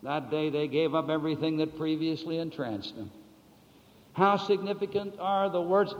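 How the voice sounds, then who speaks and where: Dramatic preacher in a reverberant hall. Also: male voice, on the high side, moderate pace. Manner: dramatic swings between soft and loud, stretching key words; asks the listeners questions and answers them. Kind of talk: sermon. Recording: dull, lo-fi sound with long hall reverb.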